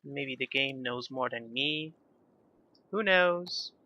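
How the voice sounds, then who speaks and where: Chatty bright-voiced young man gaming. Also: medium pitch, slow pace, highs cut off. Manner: chatty, self-deprecating, rambling asides. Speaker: gaming YouTuber. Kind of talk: casual gameplay commentary.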